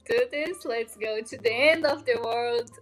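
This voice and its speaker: A woman's voice: on the high side, slow pace. A woman hosting a casual conversation, responding to her guest and laughing along.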